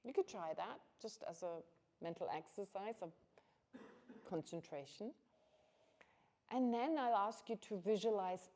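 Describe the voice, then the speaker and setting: A woman's voice: medium pitch, animated, moderate pace, pauses often, warm tone. A woman giving an informal Buddhist teaching to a class, chatty and conversational, laughing often and restarting her sentences.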